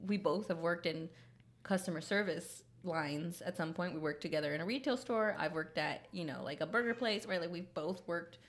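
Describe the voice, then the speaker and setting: A woman's voice: fairly low pitch, normal speed. A young woman co-hosting a podcast, chatting casually and animatedly, laughing often as she tells a family story. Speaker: podcast co-host. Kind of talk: casual chat.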